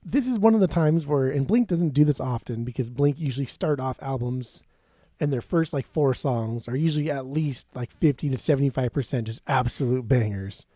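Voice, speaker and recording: A man's voice: mid-range voice, a little fast, dark tone, dry recording, studio quality. A man co-hosting a podcast, bluntly and sarcastically criticizing songs with frequent swearing. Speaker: podcast co-host. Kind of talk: casual music discussion.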